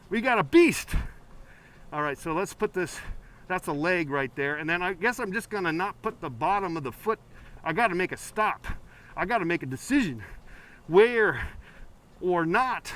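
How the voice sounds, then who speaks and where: A man's voice: high-pitched, fairly bright tone. A man hosting a live call-in painting show, rambling playfully with many fillers.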